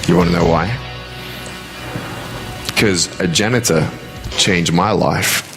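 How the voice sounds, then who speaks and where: A man giving a motivational speech to a live audience. He swings between hushed and loud and keeps asking rhetorical questions. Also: low voice, slow pace, over music. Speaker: motivational speaker.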